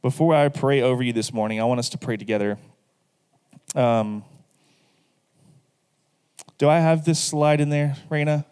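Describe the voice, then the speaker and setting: A man's voice: mid-range voice, moderate pace, long pauses, a little mellow, clean tone, long reverb tail. A man preaching a sermon as pastor, speaking earnestly and directly to the congregation and leading them in prayer. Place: church sanctuary.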